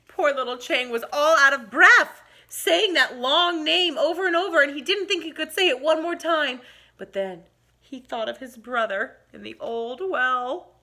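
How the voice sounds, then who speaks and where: A woman teacher reading a storybook aloud to young children, adding asides. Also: high voice. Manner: animated, expressive, pauses to comment.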